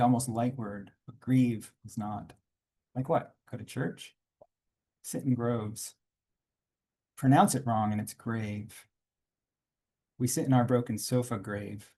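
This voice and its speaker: A man reading aloud from his own graphic memoir at a conference panel, quiet and reflective, with small asides to the audience. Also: mid-range voice. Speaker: comics artist reading his work at a panel.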